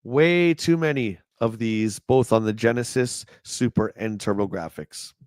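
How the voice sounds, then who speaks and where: The livestream host's voice is mid-range, smooth and somewhat dark, and he takes his time. He reads old magazine reviews aloud with wry humor and chats back to his live chat viewers, recorded at studio quality with no echo.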